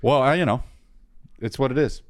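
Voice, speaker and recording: A man's voice: medium pitch, moderate pace, no echo. A man co-hosting a casual podcast, rambling with lots of fillers and a bit out of breath. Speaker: podcast co-host and comedian.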